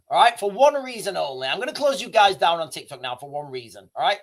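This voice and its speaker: A man's voice: sits high, lively intonation, brisk, few pauses. A man hosting a casual live stream, rambling and correcting himself as he talks to viewers, coughing now and then. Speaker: livestream host.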